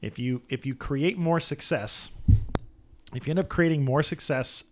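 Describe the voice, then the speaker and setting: A man's voice: a little high, normal speed, slight background noise. A middle-aged man co-hosting a podcast, giving blunt opinions in casual chat. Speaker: podcast co-host.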